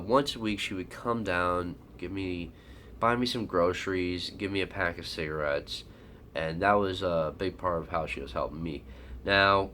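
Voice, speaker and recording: A man's voice: low-pitched, fairly bright tone, a little hiss or hum. A man vlogger telling a personal story in a casual, rambling, profane way, full of fillers and blunt asides.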